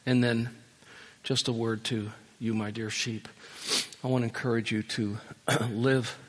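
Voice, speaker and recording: A man's voice: medium pitch, level tone, measured pace. A man preaching a sermon as pastor, pleading earnestly with his listeners in a church worship center. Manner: pleading, rising to impassioned appeals then dropping soft. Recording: long reverb of a large hall.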